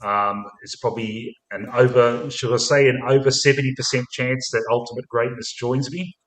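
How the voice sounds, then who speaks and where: A man's voice: medium pitch, fairly even intonation, normal speed. An Australian man hosting a casual live stream about football, rambling and laughing, calling people mate. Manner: rambling, laughs often, says mate a lot. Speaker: stream host. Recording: roomy echo.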